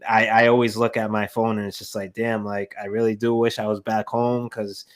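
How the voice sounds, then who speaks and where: A man's voice: lowish voice, level tone, moderate pace. Rambling man with many restarts. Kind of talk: casual chat.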